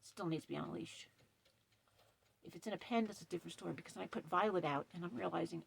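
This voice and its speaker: A middle-aged woman camp host in a casual vlog, upset and shaky, talking emphatically in a dark trailer. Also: lowish voice, fast, gravelly, breathy edge. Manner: upset, emphatic, retells quarrel with stern quoted lines. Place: dark trailer at night with ring light.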